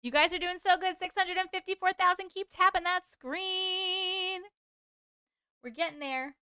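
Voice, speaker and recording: A woman's voice: very high voice, fairly even intonation, unhurried, pushed and bright, dry recording, clean studio sound. A woman hosting a live stream, chatting casually with viewers, laughing often and swearing now and then, then reading their stories aloud.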